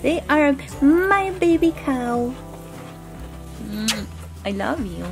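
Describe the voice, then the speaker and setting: A woman's voice: high-pitched, big pitch swings, drawn-out words, creaky, music in the background, low-quality recording. A woman homesteader, middle-aged, in a goat pen, talking to her baby goats in cooing, affectionate baby talk. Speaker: homesteader vlogger.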